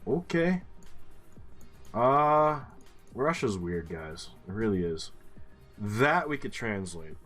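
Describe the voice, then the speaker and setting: Male streamer, slow unhurried delivery, thinks aloud, casual cursing, soft music underneath. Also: fairly low pitch, very animated. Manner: muttering, puzzling things out, casual swearing. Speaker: gaming streamer. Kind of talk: thinking-aloud game commentary.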